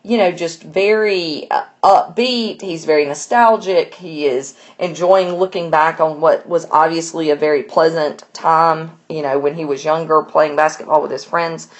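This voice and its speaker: A woman with a low voice walks listeners through a poem line by line. She explains in a loose, chatty way, full of fillers and restarts. The tone is that of a relaxed lesson. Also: normal speed. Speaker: teacher. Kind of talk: casual poetry lesson.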